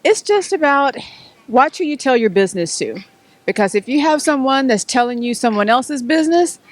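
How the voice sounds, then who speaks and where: A woman's voice: sits high, lively intonation, normal speed, no room sound. A middle-aged woman, answering interview questions as an author in a storytelling way. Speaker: author and guest.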